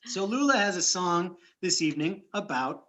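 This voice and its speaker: A man's voice: high-pitched, lively intonation, moderate pace, a bit bright, a little hiss or hum. A man hosting a casual chat over a computer mic, rambling and often interrupting himself. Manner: rambling, chatty, self-interrupting. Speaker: host.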